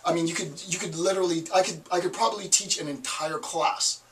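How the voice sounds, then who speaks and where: A man's voice: a little high, fairly even intonation, a little fast, fairly bright tone, recorded from a distance, slight background noise, rough recording. A man with a Northeast American accent giving a college lecture, talking emphatically and asking rhetorical questions. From Northeastern United States. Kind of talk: classroom lecture.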